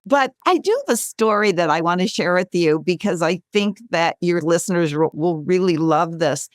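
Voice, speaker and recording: A woman in her sixties, a guest author, telling a lively story in a podcast interview and acting out the quotes. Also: fairly low pitch, normal speed, dry recording, studio quality. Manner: lively, animated storyteller who acts out quotes.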